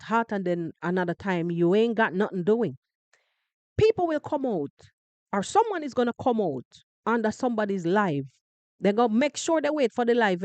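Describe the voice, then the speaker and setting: A woman from Jamaica with a Jamaican accent, giving animated, emphatic commentary on a live podcast and repeating phrases for effect. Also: medium pitch, no echo. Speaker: podcast host.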